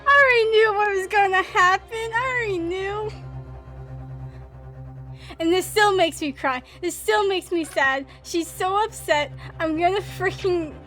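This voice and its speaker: A woman's voice: very high voice, unhurried, bright, forceful tone, faint music behind. A woman streamer giving casual, emotional, slangy gameplay commentary.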